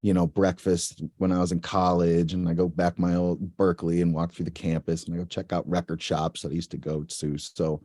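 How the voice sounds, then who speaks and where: A man's voice: low voice, little pitch movement, brisk, few pauses, dark tone, no echo. A man from the northeastern United States chatting as a guest musician in an interview, laid-back and joking, swearing casually.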